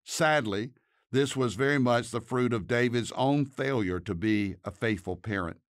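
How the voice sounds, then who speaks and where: A man, a pastor and podcast host, reading a scripted devotional narration and leading a prayer in an earnest, measured way. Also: medium pitch, dry recording, studio quality.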